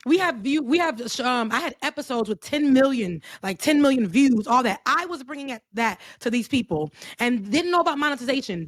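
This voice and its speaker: A woman from South Florida with a South Florida accent, hosting a casual panel chat and telling stories with animated emphasis. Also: sits high, no echo. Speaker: podcast host.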